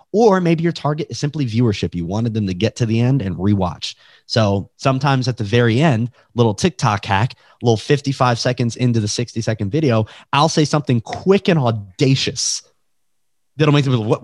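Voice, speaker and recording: A man being interviewed as a guest, talking in an energetic, emphatic way and acting out examples with his voice over a video call. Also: lowish voice, dry recording, clean studio sound. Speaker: realtor and guest. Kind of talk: casual podcast interview.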